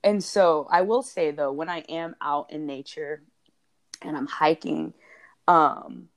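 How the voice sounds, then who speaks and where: A woman in her thirties talks in a casual, heartfelt conversation with a slightly low voice. She is effusive and chatty and laughs readily. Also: slow. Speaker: podcast co-host.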